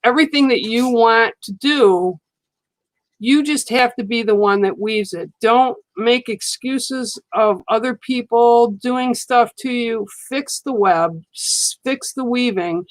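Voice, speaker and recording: A woman giving a live card reading to viewers, speaking in a slow, soothing and reassuring way, often checking in with "okay?". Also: on the high side, no echo, low-quality recording. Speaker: psychic card reader on a livestream. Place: studio.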